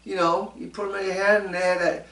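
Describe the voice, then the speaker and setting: A man's voice: high-pitched, flat delivery, fast, fairly bright tone, echoey room, far from the mic. A man hosting a casual talk show, rambling through his commentary with lots of fillers and restarts. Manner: rambling, many fillers and restarts, chuckling asides. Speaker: show host doing commentary segments.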